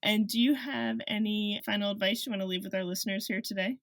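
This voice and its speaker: A woman's voice: mid-range voice, fairly even intonation, quick pace, dry recording, studio quality. A woman hosting a podcast interview, asking short questions and laughing along with her guest. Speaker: podcast host. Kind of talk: casual interview chat.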